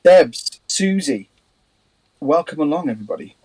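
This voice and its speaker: Chatty joking man, somewhat high voice. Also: animated, normal speed, dark tone, husky, poor audio. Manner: joking storyteller, stumbles and repeats words. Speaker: band member co-hosting a livestream. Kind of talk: casual chat.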